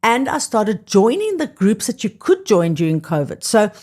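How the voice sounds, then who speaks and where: A South African woman in middle age speaks with a South African accent as an enthusiastic podcast guest. She sits at a medium pitch for a woman but moves around it a great deal, rising and dipping through her anecdotes. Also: normal speed. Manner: enthusiastic, animated storyteller. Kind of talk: storytelling in a podcast interview.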